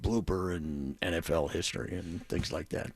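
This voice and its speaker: A man's voice: low voice, fairly even intonation, moderate pace, husky, dry recording. A man co-hosting a sports talk radio show, rambling through stories with many restarts. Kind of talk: casual sports radio chat. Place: remote location, off studio.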